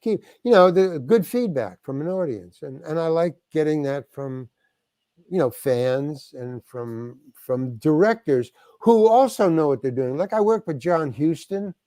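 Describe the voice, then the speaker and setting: Older man from New York, fairly high voice, dry close sound, rambling interview storytelling. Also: lively intonation, unhurried, dark tone, dry recording. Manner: rambling, frequent restarts, acts out other people's lines. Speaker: guest actor.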